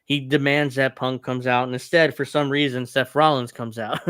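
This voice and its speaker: A man's voice: mid-range voice, steady tone, moderate pace, a bit bright, clean tone, dry recording, clean studio sound. A man hosting a podcast, recapping wrestling events in casual chat and laughing often. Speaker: podcast host.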